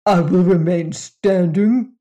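An audiobook reader voicing a huge, hairy, belligerent male alien warrior who speaks in loud, commanding growls. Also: medium pitch, slow pace, close to an everyday voice.

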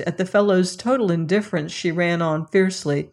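A narrator reading a novel aloud in a steady, measured way. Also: mid-range voice, vocal fry. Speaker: audiobook narrator. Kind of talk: scripted narration.

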